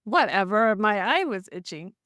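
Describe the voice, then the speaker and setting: A woman's voice: medium pitch, sing-song, normal speed, a bit bright, no echo, studio quality. A woman co-hosting a podcast, talking casually in a hesitant, self-conscious way that trails off. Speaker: podcast co-host. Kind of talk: casual chat.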